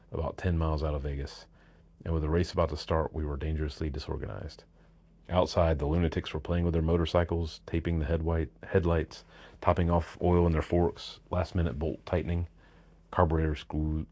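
A man narrating a first-person story with a wry, sardonic edge. His voice is extremely deep and dark, with a husky texture. The sound is dry and close. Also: no room sound. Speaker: audiobook narrator.

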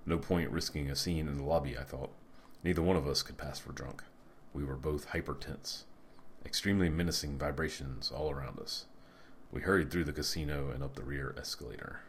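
A male narrator reading an audiobook with measured, dry delivery. His voice is extremely low, heavy and deep, and he keeps an even, unhurried tone throughout. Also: a little hiss or hum.

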